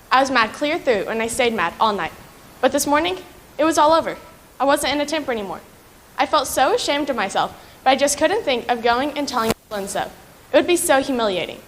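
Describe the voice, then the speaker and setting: A woman's voice: sits high, a bit bright. A student performing an outspoken, imaginative orphan girl begging forgiveness in a recited declamation. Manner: pleading, theatrical.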